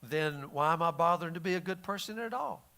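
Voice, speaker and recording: A man's voice: on the high side, expressive, a little fast, sharp tone. A man teaching the Bible in a casual, folksy way, often restarting his sentences. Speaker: pastor.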